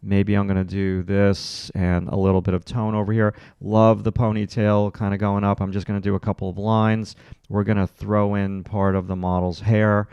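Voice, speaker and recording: A man's voice: lowish voice, level tone, normal speed, creaky, darkish tone, smooth, no echo, highs cut off. A man teaching a livestreamed drawing lesson, talking through each stroke as he sketches and encouraging viewers to keep going. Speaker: art instructor.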